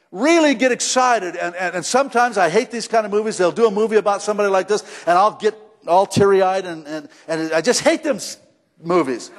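High-voiced preacher in a reverberant hall. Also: male voice. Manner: conversational, emphatic preaching with rising shouts. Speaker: pastor. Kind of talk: sermon. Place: church sanctuary.

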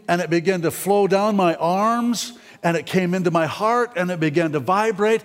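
Man, preacher, folksy testimony, slightly high voice, church hall reverb. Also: moderate pace. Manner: folksy, candid, repeats words when excited. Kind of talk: sermon testimony.

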